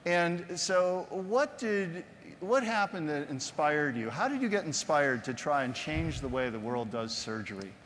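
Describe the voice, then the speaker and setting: A man's voice: fairly high pitch, expressive, measured pace, a bit bright, a little hiss or hum. A man hosting an onstage interview, jokey and loose, with lots of fillers. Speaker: host, interviewer. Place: conference stage before an audience. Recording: long hall reverb from stage.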